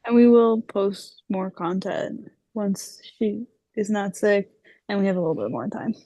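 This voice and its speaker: A woman's voice: mid-range voice, unhurried, dark tone, dry recording. A young adult woman co-hosting a podcast in playful, casual chat. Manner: playful, laughs easily. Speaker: podcast co-host.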